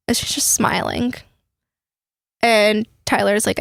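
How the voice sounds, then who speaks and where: A young woman telling a travel story in an animated, swearing, quick way as a podcast host. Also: fairly high pitch, vocal fry, no room sound, studio quality. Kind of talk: casual storytelling chat.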